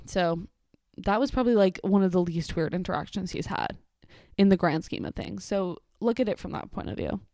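A woman's voice: medium pitch, moderate pace, mellow, dry recording, clean studio sound. A woman hosting a casual solo podcast, talking in a chatty, amused way with lots of fillers. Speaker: podcast host.

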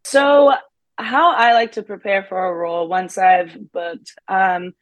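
A young woman talks casually about her acting work, upbeat and quick to laugh, her speech full of "like" and "um". Her pitch sits in the middle range. The recording is dry and close. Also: steady tone, no echo, highs cut off. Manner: upbeat, laughs often, many fillers like "like". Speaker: guest actress. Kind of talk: casual interview chat.

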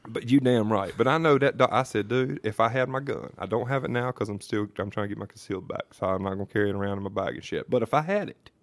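A man's voice: fairly low pitch, quick pace, vocal fry, few pauses, no echo. A man co-hosting a casual podcast, telling a heated, profanity-heavy story. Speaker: podcast co-host.

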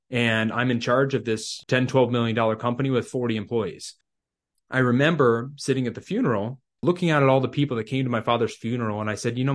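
An earnest man in his thirties tells a personal testimony in a confessional, storytelling way. His voice sits at an ordinary middle pitch for a man. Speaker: podcast guest sharing testimony.

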